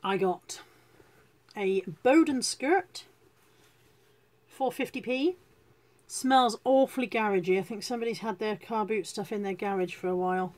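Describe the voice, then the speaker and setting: A woman's voice: mid-range voice, a little slow, long pauses, a little mellow. A woman chatting casually to viewers on a live stream, self-deprecating and greeting people as she goes. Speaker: reseller hosting a live stream.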